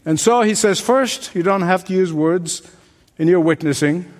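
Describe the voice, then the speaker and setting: A man's voice: high voice, moderate pace. An older man preaching a sermon to a congregation. He is emphatic, repeats key phrases and asks his listeners rhetorical questions. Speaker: pastor. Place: church sanctuary before a congregation. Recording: reverberant church hall recording.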